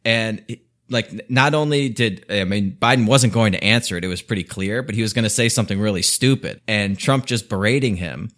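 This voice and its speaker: A man's voice: fairly low pitch, fairly bright tone. A man hosting a podcast, giving opinionated political commentary in a casual, conversational way, often laughing as he talks. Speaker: podcast host.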